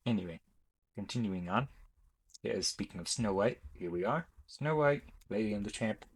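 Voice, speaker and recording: Husky, rambling young man. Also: lowish voice, normal speed, low-quality recording. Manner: rambling, self-correcting, chatty. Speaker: YouTuber ranking films. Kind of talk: casual commentary.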